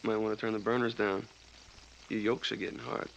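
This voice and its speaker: An actor voicing a wry, lovesick man in a claymation scene, sardonic and low-key. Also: level tone, brisk, gravelly, dull audio, a little hiss or hum. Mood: moping. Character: lovesick man, clay-animated, wry and sulky.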